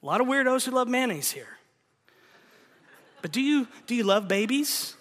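Emphatic preacher with a bright, high voice. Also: male voice, very animated, moderate pace, long reverb tail. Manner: emphatic, swings from loud to hushed. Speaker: pastor. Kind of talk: sermon.

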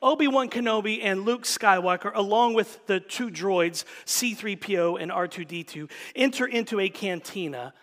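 A man preaching a sermon as pastor, dropping often into a hushed, whispered emphasis. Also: sits high, normal speed, few pauses, in a large hall.

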